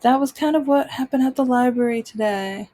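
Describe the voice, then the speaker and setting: Woman podcast host, warm low-key tone, rambling casual storytelling, acts out other people's lines. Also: fairly quick. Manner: rambling, with many fillers and restarts.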